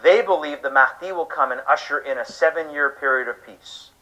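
A man's voice: on the high side, fairly quick, sharp tone, rough recording. A man preaching a sermon-style lecture to an audience, emphatic, firing off rhetorical questions and acting out listeners' reactions.

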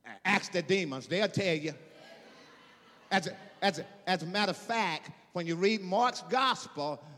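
A man preaching an emphatic sermon, repeating phrases and building to shouted peaks. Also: high-pitched, a little slow, long reverb tail. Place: church.

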